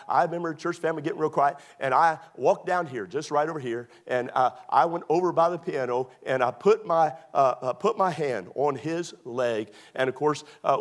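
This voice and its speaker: A middle-aged man preaching a sermon to his church, restarting his sentences and repeating emphatic phrases. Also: fairly high pitch. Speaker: pastor. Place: church sanctuary.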